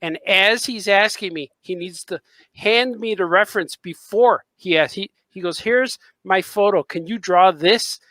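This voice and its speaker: A man who draws comics, co-hosting a podcast and telling a story with lively acted-out dialogue and frequent laughter. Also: high voice, unhurried, no echo, poor audio. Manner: animated storyteller, acts out dialogue, laughs often. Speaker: podcast co-host and comic artist. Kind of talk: casual chat.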